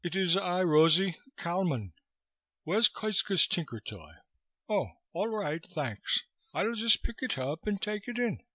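A man doing a brisk Oxford-accented toff. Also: high-pitched, big pitch swings, pushed and bright, no echo, pitched above the performer's own voice, heavily acted. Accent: faint Oxford. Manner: brisk, offhand. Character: weary, breezy upper-class man possessing another.

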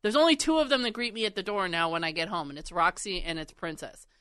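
A woman's voice: lowish voice, fast talker, sharp tone, clear, resonant tone, dry recording. A woman co-hosting a casual chat, telling stories and laughing often. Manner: storytelling with frequent laughs.

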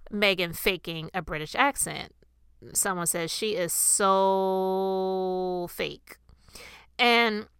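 A woman's voice: fairly low pitch, bright, forceful tone, clean tone, dry recording, studio quality. A woman podcast host giving chatty, opinionated commentary with emphatic stress. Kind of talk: casual commentary.

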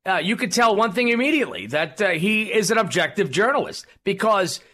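A man's voice: sits high, animated, fairly quick, bright, forceful tone. A man hosting a political talk radio show, rambling and combative, with many fillers.

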